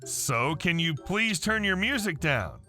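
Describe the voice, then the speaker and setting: A man's voice: a little high, sing-song, unhurried, sharp tone, faint music behind, heavily acted. A man voicing a surly, confrontational male neighbor who answers curtly. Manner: curt, confrontational.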